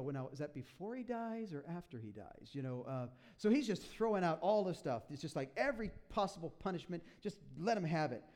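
A pastor preaches a sermon to his church congregation, retelling a story full of lively asides and acting out each character. His voice sits on the high side.

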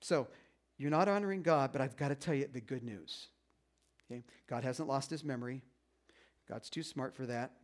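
A man's voice: medium pitch, moderate pace, long pauses. A man preaching a sermon as pastor, in a conversational way, acting out little voices and quotes.

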